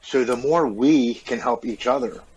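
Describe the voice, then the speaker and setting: A man's voice: mid-range voice, unhurried, slight background noise, rough recording. A middle-aged man from the United States, a podcast guest earnestly retelling his story with many restarts. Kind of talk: casual interview storytelling.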